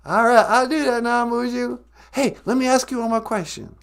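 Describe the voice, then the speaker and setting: A man voicing an innocent male sidekick puppet with a high, squeaky voice. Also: moderate pace, clear, resonant tone. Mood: giggly.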